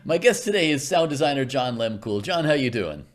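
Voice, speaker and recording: Lively, wry male interview host. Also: medium pitch, fairly quick. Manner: wry, joking. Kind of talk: casual video interview.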